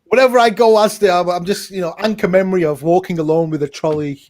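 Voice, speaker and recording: A man's voice: high voice, fairly even intonation, fast, a little mellow. A young man co-hosting a casual advice podcast, joking around with cheeky, mock-stern banter. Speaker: podcast co-host.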